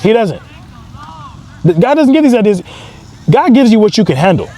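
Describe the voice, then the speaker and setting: A man's voice: sits high, big pitch swings, normal speed, warm tone. Emphatic man giving a motivational talk. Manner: emphatic, repetitive affirmations. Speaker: entrepreneur and motivational speaker.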